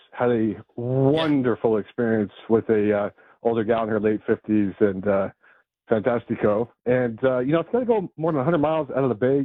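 A man's voice: mid-range voice, no room sound. A man from the San Francisco Bay Area calling a radio show, enthusiastic and gushing, over a tinny phone line. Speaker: caller.

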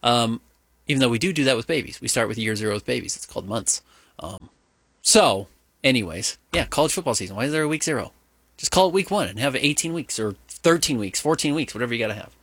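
A man co-hosting a sports talk show, opinionated and animated, rambling with fillers as he argues his point. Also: medium pitch, fast, breathy edge, no room sound. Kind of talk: casual sports radio banter.

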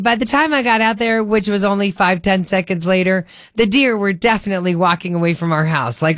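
A woman hosting a radio show tells a story in an easy, chatty way and slips animated quotes into the telling. Her voice sits at a middle pitch for a woman. The studio sound is close and dry, with no room echo. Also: brisk, few pauses. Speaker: radio host. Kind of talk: casual on-air storytelling.

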